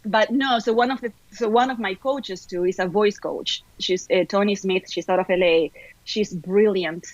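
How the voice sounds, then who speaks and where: Argentine-accented actress, upbeat and talkative guest, dry, muffled lo-fi sound. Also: female voice, mid-range voice, normal speed, no room sound. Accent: Argentine Spanish. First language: Spanish. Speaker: actor, podcast guest. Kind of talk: casual interview chat.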